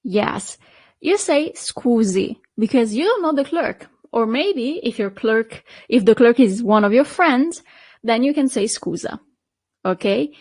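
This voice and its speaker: A patient woman teacher with an Italian accent, her voice pitched a little high. She keeps checking on the learner as she goes. The sound is dry and close. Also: animated, a little slow, a little mellow, slightly rough, no echo. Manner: patient, checks in with frequent "okay?" and "perfect". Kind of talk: online language lesson.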